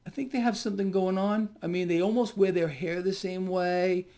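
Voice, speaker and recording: A man's voice: sits high, steady tone, normal speed, warm tone. Sarcastic man mocking the news. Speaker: financial commentator. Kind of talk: sarcastic solo market commentary.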